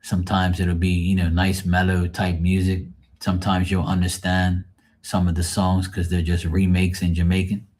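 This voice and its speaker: A man's voice: deep voice, monotone, moderate pace, a little mellow. A man chatting casually to his livestream viewers, rambling and swearing freely in a joking way. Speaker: livestream host.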